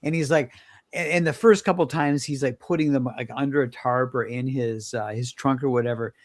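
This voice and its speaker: A man's voice: mid-range voice, steady tone, brisk, dry recording. A man co-hosting a casual podcast who rambles, restarts his sentences and poses questions to the others. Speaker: podcast co-host. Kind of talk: casual chat.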